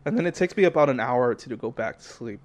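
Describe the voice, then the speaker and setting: A young man co-hosting a podcast, telling a story in a loose, animated way with lots of fillers. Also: mid-range voice, fast. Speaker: podcast co-host. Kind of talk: casual chat.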